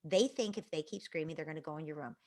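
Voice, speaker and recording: A woman parenting expert answering audience questions in an earnest, explanatory way, dropping to soft whispers at times. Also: deep voice, fast.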